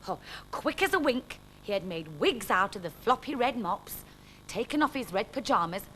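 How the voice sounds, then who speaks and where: A woman, reading a children's story aloud in a bright, expressive way. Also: medium pitch, slight background noise, low-quality recording.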